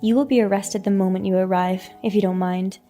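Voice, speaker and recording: A woman voicing a calm, confident wife who is a police officer. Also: medium pitch, a little fast, soft background music, lightly acted. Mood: cool. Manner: calm, cool and composed.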